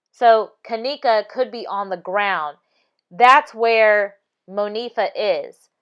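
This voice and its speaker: A woman's voice: medium pitch, a bit bright, smooth, muffled recording. A woman giving casual commentary over video clips, talking insistently, repeating her points and restarting mid-sentence. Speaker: video analysis vlogger.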